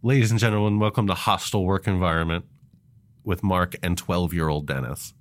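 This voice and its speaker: A man with a very low, deep voice co-hosts a podcast, chatting casually and laughing often. His talk is halting and full of restarts. The sound is dry and close, with no room at all. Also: steady tone, no echo. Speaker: podcast co-host.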